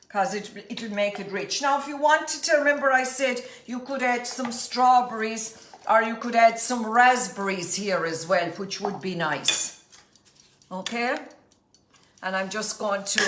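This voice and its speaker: Middle-aged Irish woman, chatty cooking host, slightly high voice, echoey kitchen recording. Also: fairly bright tone, slight background noise. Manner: chatty, homely, addresses viewers as folks. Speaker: cooking demonstrator. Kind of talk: live cooking demonstration. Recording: echoey kitchen with faint clatter. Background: clinking dishes and cutlery.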